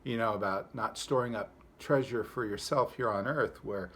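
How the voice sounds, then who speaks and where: A pastor giving a devotional talk, telling a folksy story and then reflecting on it in a relaxed, conversational way. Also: male voice, lowish voice, normal speed, husky.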